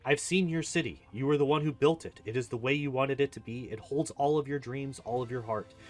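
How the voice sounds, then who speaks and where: A man reading aloud as an earnest young female healer in a video game, speaking softly and pleadingly. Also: mid-range voice, fairly quick, soft background music, close to an everyday voice.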